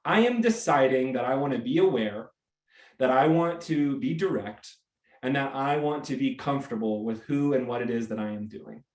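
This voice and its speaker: An American man hosting a motivational live talk, energetic and animated, acting out little scenes as he speaks. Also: mid-range voice, moderate pace, roomy sound. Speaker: host.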